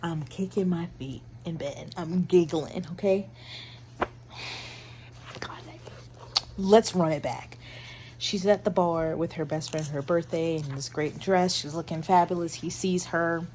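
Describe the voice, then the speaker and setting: Lying in bed at home, a woman records a casual book vlog, reading romance passages aloud and reacting with frequent laughter. Her voice is lowish and unhurried, broken by frequent pauses, and her manner is animated. There's slight background noise.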